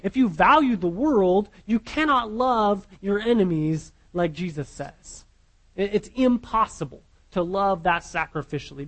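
A man's voice: high-pitched, rough recording. A man preaching a sermon, earnest, repeating his words and putting questions to his listeners.

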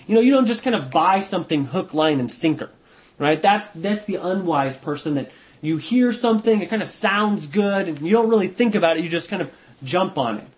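A man's voice: high voice, animated, brisk. A man leading an informal Bible study, talking conversationally and thinking aloud as he explains a passage.

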